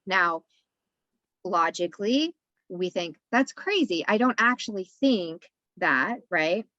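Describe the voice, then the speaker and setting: A woman's voice: mid-range voice, fairly bright tone, no room sound, lo-fi sound. A woman guest on a podcast giving a spiritual wellness talk, in a coaching tone that keeps checking in with "right?". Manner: repetitive, coaching tone with frequent "right?".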